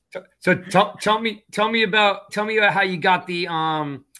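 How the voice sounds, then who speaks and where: A man's voice: sits high, moderate pace, bright, forceful tone. A man hosting a podcast interview, asking eager, fumbling questions. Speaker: podcast host. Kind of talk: casual interview.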